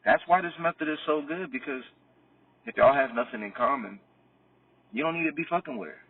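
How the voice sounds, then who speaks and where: A man's voice: fairly high pitch, brisk, husky, no room sound, distant mic, narrow, tinny audio. A man coaching on dating in a loose, rambling talk, full of "you know what I mean" and acting out both sides of sample dialogues. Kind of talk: casual explanatory talk.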